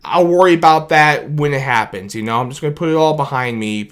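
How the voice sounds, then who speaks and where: Excitable man rambling about his team. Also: a little high, brisk. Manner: excited and rambling, laughing often. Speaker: sports fan YouTuber. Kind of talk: excited instant-reaction vlog.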